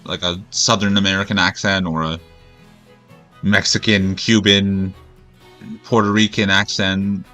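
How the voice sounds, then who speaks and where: A man's voice: low voice, bright, forceful tone. A man streaming a video game and ranting in a rambling, profane, exasperated way. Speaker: gaming streamer. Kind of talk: gameplay commentary rant.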